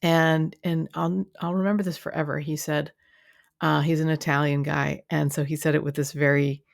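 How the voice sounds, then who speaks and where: A woman's voice: low-pitched, flat delivery, normal speed, creaky, no room sound, clean studio sound. A woman hosting her own podcast as a coach, talking in a chatty, rambling way with lots of fillers and restarts. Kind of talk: casual solo podcast monologue.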